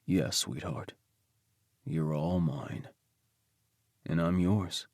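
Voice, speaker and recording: A male audiobook narrator voicing a tender, protective husband, speaking softly. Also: expressive, unhurried, no room sound, clean studio sound, full character voice. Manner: soft, low, murmuring.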